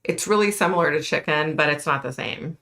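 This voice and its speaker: Middle-aged woman, livestream host, low voice, chatty, answering viewer comments in a casual way. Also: fairly quick, pushed and bright.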